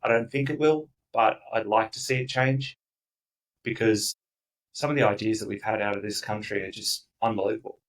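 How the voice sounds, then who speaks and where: A man's voice: fairly low pitch, steady tone, normal speed, far from the mic, low-quality recording. A man speaking as a company founder guest in a casual podcast interview, emphatic and enthusiastic, acting out the voices of the people he quotes.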